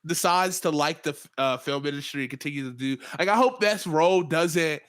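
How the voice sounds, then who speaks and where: A man's voice: on the high side, a little fast, fairly bright tone, clear, resonant tone. A young man co-hosting a podcast, talking in a slangy, laughing, storytelling way. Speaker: podcast co-host. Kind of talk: casual chat.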